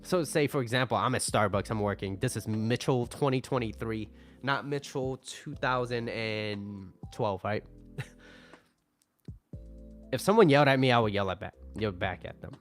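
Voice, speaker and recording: A man's voice: fairly low pitch, normal speed, soft background music. A man talking through relationship advice in a loose, conversational way, often ending lines with "right?". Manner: acts out angry customers in mock voices. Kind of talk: casual advice monologue.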